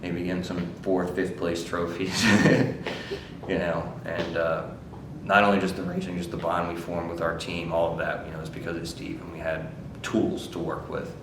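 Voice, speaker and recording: A man's voice: low-pitched, flat delivery, moderate pace, background noise. A man who races motorcycles, telling rambling stories in a casual interview, laughing often and saying "like" a lot. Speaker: motorcycle racer.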